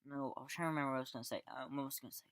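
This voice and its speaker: A man's voice: mid-range voice, steady tone, rapid-fire, noisy background. A man giving a casual spoken film review, rambling with restarts and fillers and sarcastic, exasperated asides. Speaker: movie reviewer.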